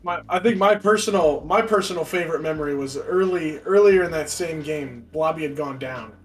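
A man with a high-pitched voice telling rambling, self-deprecating gaming stories in casual chat. He laughs at himself as he talks. Faint background music is heard. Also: a little fast.

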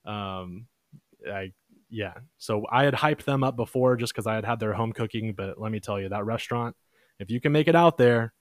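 A young man hosting a podcast, casually telling a long story in a relaxed, chatty way and lifting his voice when he quotes others. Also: fairly low pitch, normal speed, no echo. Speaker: podcast host.

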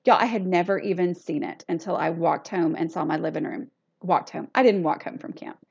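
A woman's voice: lowish voice, a little mellow. A middle-aged woman, chatting casually and self-deprecatingly as a solo podcast host. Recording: dull lo-fi recording.

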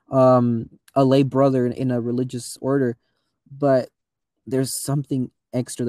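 A man speaking as a podcast guest in casual chat, halting and searching for words. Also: medium pitch, warm tone, no room sound.

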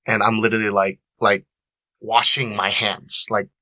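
A man's voice: lowish voice, little pitch movement, moderate pace, pushed and bright, no room sound. A young man, an actor on a panel, telling a personal story in an earnest, emotional way, repeating phrases for emphasis.

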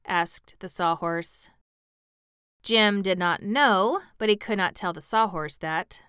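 A woman narrating a children's storybook aloud in a measured way, with the odd wry aside. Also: lowish voice, pushed and bright, smooth, dry recording, clean studio sound.

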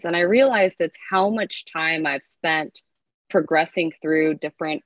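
Lady fitness coach from california, lowish voice, upbeat, dull dry recording. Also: measured pace, dry recording. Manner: lively, upbeat, talks through her ideas out loud. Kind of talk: casual podcast interview.

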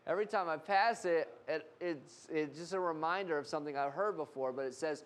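High-voiced preacher man. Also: a little fast, hardly any pauses. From United States. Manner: animated storytelling, casual fillers. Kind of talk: sermon.

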